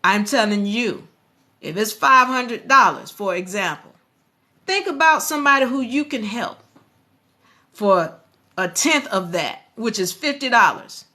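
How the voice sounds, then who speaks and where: Hosting a motivational stream, this woman preaches animatedly to the people watching. Her pitch is fairly high and her pace measured.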